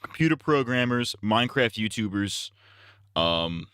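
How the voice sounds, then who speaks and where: A man's voice: lowish voice, lively intonation, measured pace, sharp tone, smooth, no room sound. A man hosting a stream, cracking crude, sardonic jokes in casual chat close to a desk mic. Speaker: streamer host.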